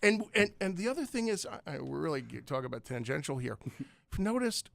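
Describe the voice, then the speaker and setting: Gravelly American radio host. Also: male voice, a little high, sing-song, fast, fairly bright tone. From United States. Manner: chatty, rambling, self-deprecating, with many restarts. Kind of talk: casual radio interview chat. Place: radio studio. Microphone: studio microphone.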